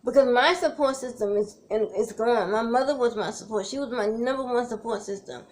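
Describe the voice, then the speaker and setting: A woman speaks in an earnest, emotional vlog, her voice sitting somewhat high. She repeats herself as she encourages her viewers through hardship, close to tears at moments. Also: a little fast. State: tearful at times. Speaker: cancer survivor vlogger. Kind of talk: heartfelt direct-to-camera vlog.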